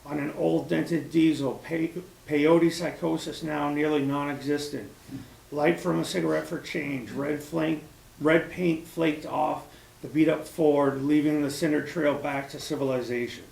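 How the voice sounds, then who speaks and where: A man reading his own poetry aloud at a cafe meeting, in a measured, recited way. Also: on the high side, level tone, gravelly, a little mellow. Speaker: poet at a reading. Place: small cafe gathering room. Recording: echoey room with faint ambience.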